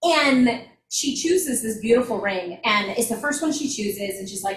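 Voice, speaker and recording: A woman's voice: fairly high pitch, normal speed, reverberant, a little hiss or hum, rough recording. A woman co-hosting a casual book review chat, retelling scenes with acted-out quotes and frequent laughter. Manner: animated storytelling, acts out quotes, laughs often.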